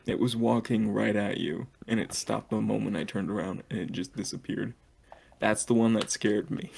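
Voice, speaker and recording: A man's voice: fairly low pitch, fairly even intonation, normal speed, vocal fry, a little mellow, breathy edge. A man in casual chat with a co-host, telling stories and swearing freely.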